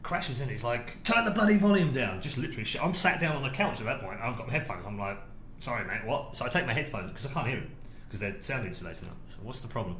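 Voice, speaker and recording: A middle-aged British man co-hosting a podcast, telling a story in a lively way and acting out the quotes. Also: medium pitch, fast talker. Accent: British English. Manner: animated storyteller, acts out quotes. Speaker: podcast co-host, esports broadcaster. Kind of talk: casual podcast chat, storytelling. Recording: roomy echo, faint noise.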